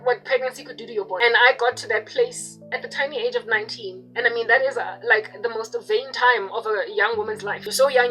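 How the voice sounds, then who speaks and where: A young woman with a high voice delivers a fervent religious monologue at a quick clip. She hammers her points home with emphatic repetition. Soft music plays faintly behind her. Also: low-quality recording. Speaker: Christian video preacher.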